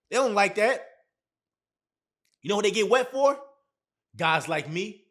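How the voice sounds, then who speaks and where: A man's voice: high voice, lively intonation, a little slow, long pauses, a bit bright. A man giving blunt, emphatic dating advice straight to camera, repeating his points. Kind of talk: casual talk to camera.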